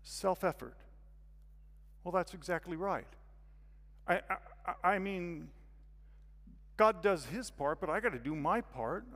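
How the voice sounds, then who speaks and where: A high-voiced man tells a sermon as a vivid story, jumping from quiet asides to shouted excitement. His voice carries a long reverb from a large hall. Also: takes it slowly, long pauses. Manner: animated, acts out scenes with sudden loud bursts. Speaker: guest speaker.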